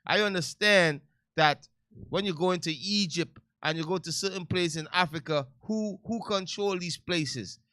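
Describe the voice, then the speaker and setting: A man hosting a talk-radio show, giving casual commentary in a loud, heated, preachy way with slangy asides. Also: high-pitched, moderate pace, no echo, studio quality.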